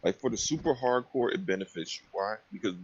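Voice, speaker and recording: A man's voice: lowish voice, expressive, a little fast, husky, highs cut off. A man making his point on a casual gaming podcast, blunt, emphatic and profane.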